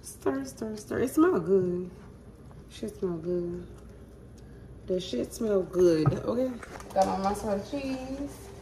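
A woman's voice: a little high, warm tone, reverberant, slight background noise, low-quality recording. A woman cooking in her home kitchen, chatting casually to viewers and humming as she goes. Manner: chatty, talks to viewers as "y'all", hums while cooking. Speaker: cooking vlogger. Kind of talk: casual cooking vlog talk.

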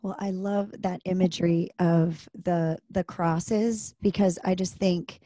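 Mellow-voiced woman hosting a faith podcast. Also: fairly low pitch, fairly even intonation, slow pace, dry recording, studio quality. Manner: warm reflective reassurance, scripture quoting. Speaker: podcast host. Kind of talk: podcast interview.

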